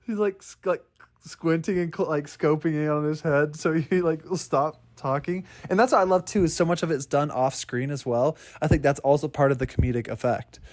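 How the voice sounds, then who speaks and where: A man's voice: a little high, fairly quick. A man chatting casually about a movie as co-host, filling his speech with "like" and re-enacting scenes. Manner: heavy "like" filler, re-enacts scenes. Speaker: podcast co-host.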